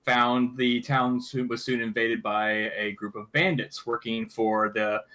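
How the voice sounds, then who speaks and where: A man narrating a tabletop game as game master, halting with frequent fillers and restarts. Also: mid-range voice, flat delivery, pushed and bright. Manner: halting, many fillers and restarts while recapping.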